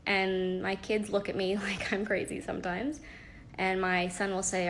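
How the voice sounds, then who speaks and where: A young adult woman giving parenting advice in a casual live-stream chat, practical and chatty with soft laughs and fillers, talking into a phone at home. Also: medium pitch, level tone, moderate pace, slight background noise.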